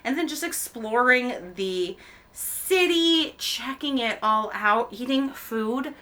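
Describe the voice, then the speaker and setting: A woman's voice: on the high side, expressive, takes it slowly, a bit bright. An American-raised woman hosting a knitting podcast, chatting casually and rambling with ums and self-corrections as she knits at home on a camera mic. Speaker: podcast host. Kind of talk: casual chat while knitting.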